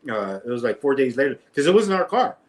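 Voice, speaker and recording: A man's voice: medium pitch, fast. A man telling a street story in casual conversation, often laughing and acting out the voices of others. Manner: animated, laughing, acts out voices in anecdotes. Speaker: guest storyteller.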